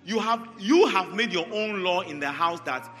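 A man preaching a sermon, animated and repetitive, calling on members of the congregation by name. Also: high voice, moderate pace. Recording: large hall reverb, faint music.

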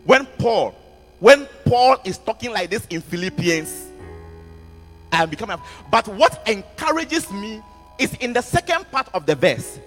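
A man preaching a sermon to students, animated, repeating words and asking the audience questions. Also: high-pitched, a little slow. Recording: music underneath, long hall reverb.

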